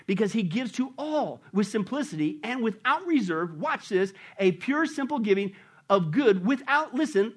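A male pastor preaching a sermon, animated and constantly throwing rhetorical questions at the congregation in a church. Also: sits high.

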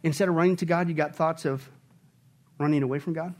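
A man preaching a sermon as pastor, emphatic and full of rhetorical questions, swinging from quiet intimate talk to loud exclaiming. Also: on the high side, steady tone, fast.

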